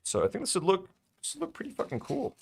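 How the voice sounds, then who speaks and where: A man's voice: sits high, wildly swooping pitch, quick pace, vocal fry, husky. A young man hosting a casual hobby vlog, chatty and self-delighted, full of fillers. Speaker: toy-building channel host.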